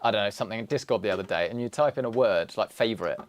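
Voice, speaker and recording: A man's voice: fairly low pitch, very fast. A young British man with an English accent hosting a PC build livestream, chatting casually and joking at his own expense as he works. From England. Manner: joking, self-deprecating, chatty asides.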